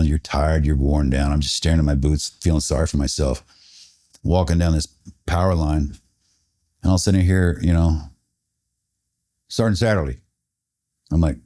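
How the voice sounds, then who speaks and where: Middle-aged male interview guest, ex-operator, deep dark voice, animated storyteller. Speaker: interview guest, former special forces operator.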